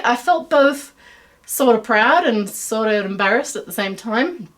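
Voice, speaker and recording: A woman's voice: fairly high pitch, lively intonation, unhurried, fairly bright tone. American woman in a put-on Australian accent. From United States. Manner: chatty, self-deprecating, many fillers. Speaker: web series host. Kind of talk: rambling stream-of-consciousness monologue.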